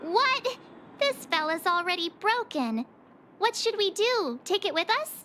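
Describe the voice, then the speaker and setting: A bubbly young adventurer. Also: female voice, very high voice, a little hiss or hum, heavily acted. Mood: curious. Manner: bubbly, excitable, quick reactions. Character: upbeat curious young woman adventurer. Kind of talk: video game voice acting.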